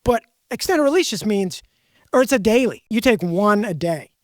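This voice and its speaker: A woman hosts a casual podcast conversation, chatty and rambling, correcting herself as she goes. Her voice is medium-pitched and darkish, with lively intonation and a normal speaking speed. The studio recording is clean, with no echo.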